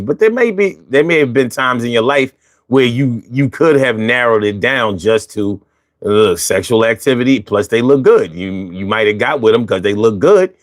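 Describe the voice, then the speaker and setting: A man hosting a casual discussion, animated and often repeating himself. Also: mid-range voice, no echo, clean studio sound. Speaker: host.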